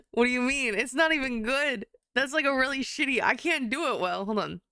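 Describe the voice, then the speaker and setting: A young adult woman chats casually with her live-stream viewers, giggly and animated, with occasional swearing. Her voice is high with a clean tone.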